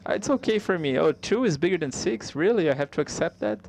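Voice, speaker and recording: A man giving a live spoken interpretation of a stand-up comedy set, conversational and halting, with frequent restarts. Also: high voice, lively intonation, vocal fry, a little mellow.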